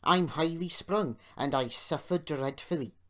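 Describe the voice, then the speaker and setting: A man's voice: fairly high pitch, a little slow, natural voice. A man voicing a proud, lazy male engine who speaks in a whiny, sly way in a storybook reading.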